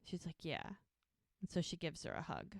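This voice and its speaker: Low-voiced woman recapping a show. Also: big pitch swings, fairly quick, vocal fry, no room sound, clean studio sound. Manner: retells scenes by quoting characters. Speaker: podcast co-host. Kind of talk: casual episode recap.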